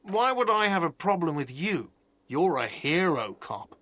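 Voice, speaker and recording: A bitter sarcastic cafeteria manager. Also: male voice, fairly high pitch, sing-song, measured pace, pushed and bright, no room sound, heavily acted. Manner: sarcastic, passive-aggressive. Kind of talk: video game voice acting.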